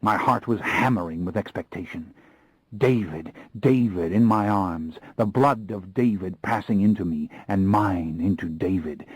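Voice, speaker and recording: Deep, husky audiobook narrator, man. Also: a little mellow, no room sound, poor audio. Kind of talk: scripted first-person narration.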